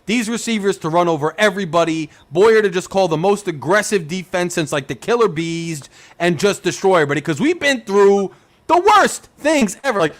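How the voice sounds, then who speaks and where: On a casual sports talk show, a young host vents in a loose, excitable fan rant, his high voice leaping all over the place. Animated and ranting, he says "like" constantly and fires off one exasperated rhetorical question after another.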